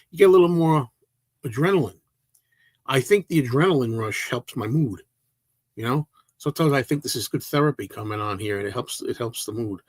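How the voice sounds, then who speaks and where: In a dry recording, a man with a medium-pitched, fairly bright voice chats through viewer comments on his casual livestream. He rambles, interrupts himself, and frequently starts sentences over.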